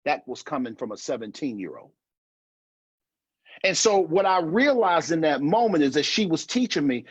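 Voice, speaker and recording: A man's voice: fairly high pitch, big pitch swings, normal speed, husky, no room sound, lo-fi sound. A middle-aged man giving an earnest online conference talk, repeating phrases for emphasis and restarting often, heard over a video call. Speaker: marriage conference speaker.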